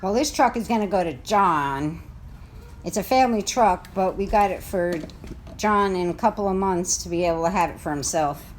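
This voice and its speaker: A woman's voice: fairly low pitch, expressive, moderate pace. Giggly woman reading out donations. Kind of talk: casual chat off-camera. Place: outdoors. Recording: faint outdoor noise.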